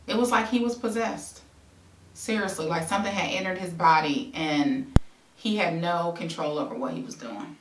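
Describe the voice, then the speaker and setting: A woman with a lowish voice reads her memoir aloud at a normal speed, recorded from a distance in an echoey space. As the memoir's author and host, she tells her story in the present tense, breaking it up with conversational asides.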